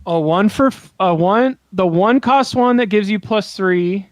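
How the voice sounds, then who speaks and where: A man with a rather high voice chats on a podcast, retelling a card game match in an animated, laughing way with a few curses thrown in. His voice sits close on the microphone in a dry, dead room. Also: a little slow, dry recording. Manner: animated storytelling, swears, laughs often. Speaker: podcast co-host. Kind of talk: casual podcast chat.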